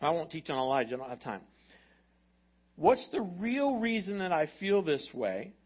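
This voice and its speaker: Energetic man preaching, high voice, slightly muffled recording. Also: normal speed. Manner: energetic, repetitive, acts out quotes. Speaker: pastor. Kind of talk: sermon.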